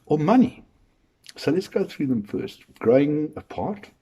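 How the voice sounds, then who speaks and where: A man's voice: on the high side, very animated, measured pace, dark tone, breathy edge. A male comedian delivering a rambling, crude stand-up monologue full of rhetorical questions.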